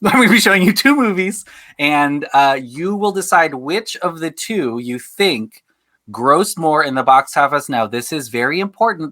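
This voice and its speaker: A man's voice: mid-range voice, a bit bright. A man hosting a casual podcast quiz game, playful and laughing often as he announces rounds.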